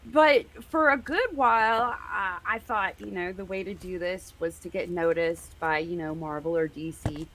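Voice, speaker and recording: A woman's voice: fairly low pitch, normal speed, hardly any pauses, fairly bright tone, slight background noise. A woman guest on a stream, chatting casually about comics and laughing often. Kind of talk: casual interview chat.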